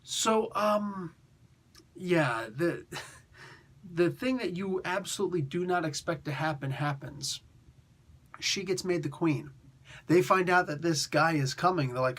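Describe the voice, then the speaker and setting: A man's voice: high voice, a little slow, pauses often, fairly bright tone. A man casually reviewing a comic book in a laid-back, slangy, rambling way.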